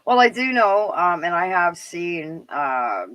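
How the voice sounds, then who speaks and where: A woman's voice: on the low side, sing-song, slow, fairly bright tone, no echo, low-quality recording. A middle-aged Canadian woman with a Canadian accent hosting a live stream, chatting casually and rambling with lots of fillers and laughs. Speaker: livestream show host.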